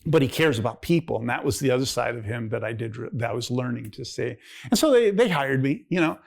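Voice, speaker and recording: Gravelly-voiced older male pastor telling stories. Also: medium pitch, expressive, quick pace. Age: 60s. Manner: rambling, conversational, acts out quoted dialogue in a raised voice. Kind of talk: personal testimony storytelling. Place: church.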